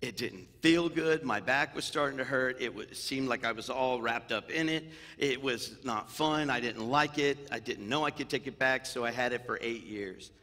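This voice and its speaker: A man, a senior pastor, preaching a sermon in a church, telling stories with humor and moving between loud animated bursts and hushed, tender moments. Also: mid-range voice, moderate pace. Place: church sanctuary. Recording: long hall reverb in a church.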